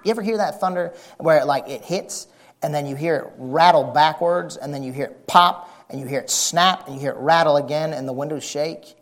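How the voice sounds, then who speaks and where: A man preaching a folksy, excitable sermon, shouting and whispering for effect. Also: a little high, a little fast.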